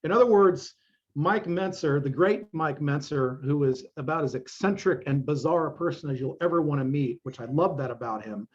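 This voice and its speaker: A man's voice: fairly high pitch, moderate pace, darkish tone, dull audio. A middle-aged man, a fitness coach guest, talking bluntly and emphatically in a casual interview, with plenty of swearing.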